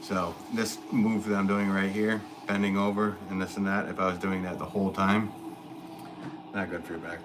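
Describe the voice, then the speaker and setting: Brief: man, lowish voice, laid-back rambling live-stream chat from a pottery studio, clear background noise. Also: moderate pace. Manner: rambling and easygoing, many fillers, laughs often. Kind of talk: casual live-stream chat, reading viewer comments. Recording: steady background noise in the room.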